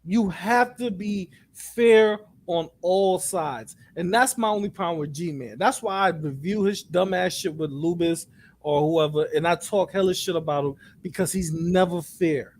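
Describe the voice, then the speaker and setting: A man with a high voice talking in casual chat, blunt and profane. He gets animated and acts out other people's lines in a mocking tone. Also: a little slow. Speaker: co-host.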